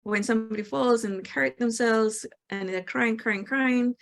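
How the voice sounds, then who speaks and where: A woman's voice: fairly high pitch, a little slow, gravelly. A woman host with a slightly raised voice talks through her ideas on a spiritual talk show. Her delivery is reflective and explanatory. She often slips into acting out the replies people give.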